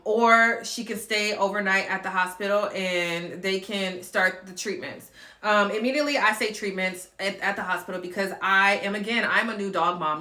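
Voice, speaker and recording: Woman, vlog storytime, close to tears, halting with restarts, bright voice. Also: medium pitch, reverberant. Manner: tearful, shaky, many fillers and restarts. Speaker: vlogger telling a personal story.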